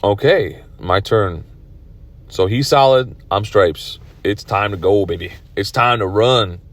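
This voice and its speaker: A man's voice: fairly low pitch, slow pace, no echo. Tired man rambling in his car. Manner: rambling, self-critical, frequent restarts. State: tired, yawning. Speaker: pool player commenting on his own match. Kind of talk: casual video commentary.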